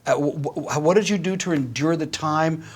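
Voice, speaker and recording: A man's voice: on the high side, normal speed. A male host interviewing a guest, prompting with short questions.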